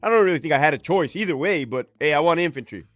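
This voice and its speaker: A man's voice: a little high, animated, quick pace, fairly bright tone, no room sound, soft background music. A man in his forties from California, telling his story as a guest in a casual, slangy, profane way. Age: 40s. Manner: laid-back, slangy, profane. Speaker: guest, army veteran.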